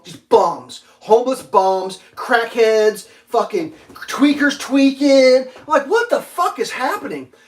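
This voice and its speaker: A man with a high-pitched voice chats loosely on a livestream, rambling through a story. He swears freely and leans on fillers and restarts as he talks. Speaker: livestream host. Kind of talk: casual livestream chat.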